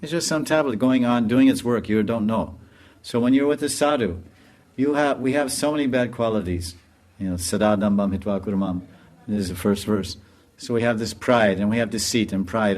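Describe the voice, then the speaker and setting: A man, a swami, giving a storytelling lecture in an animated way and laughing often. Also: fairly low pitch, fairly quick.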